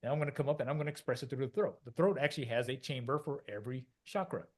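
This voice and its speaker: A man's voice: medium pitch, racing. A middle-aged man, a podcast co-host, explaining ideas in a rambling casual way, with many fillers and restarts, often acting out quoted voices.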